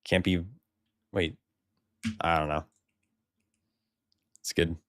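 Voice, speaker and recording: A man's voice: sits low, little pitch movement, slow, no echo. An American man rambling casually while streaming a game, swearing freely and laughing often. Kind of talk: casual live-stream chat.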